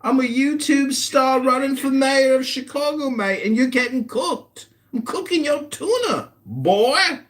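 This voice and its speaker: Loud mocking high-voiced man in his forties. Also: animated, a little slow, hardly any pauses. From United States. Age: 40s. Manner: loud, mocking, ranting insults. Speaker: political candidate hosting an audio chat room. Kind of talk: heated online chat room argument.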